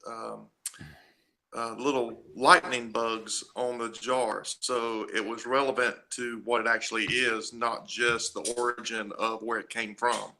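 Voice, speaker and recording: A man's voice: medium pitch, little pitch movement, unhurried, pushed and bright, a little hiss or hum. A man in a casual podcast chat, explaining in a proud, explanatory way.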